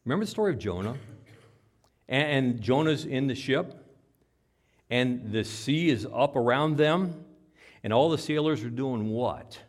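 A man preaching a sermon, telling the story dramatically and acting out cries, whispers and shouts. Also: medium pitch, expressive, unhurried, pauses often. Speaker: pastor.

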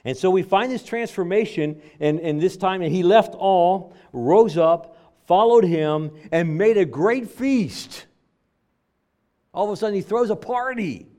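A man's voice: high voice, lively intonation, measured pace, darkish tone. A man preaching a sermon, driving points home by repeating phrases. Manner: emphatic preaching with stacked repetitions.

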